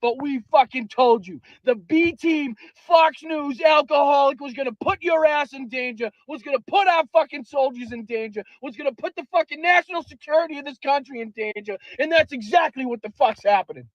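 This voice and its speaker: A tradesman yelling an angry rant full of swearing. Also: extremely high pitch, brisk, hardly any pauses, no echo. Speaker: tradesman posting a video rant. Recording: dull lo-fi clip.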